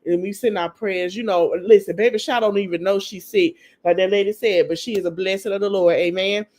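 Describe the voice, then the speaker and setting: A woman's voice: medium pitch, steady tone, brisk, darkish tone. A woman podcast host gossiping through a casual TV recap. She talks in loose, slangy chat and speaks straight to her listeners as if they were friends. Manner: chatty gossipy storytelling, slangy, addresses listeners as y'all; acts out the people she quotes.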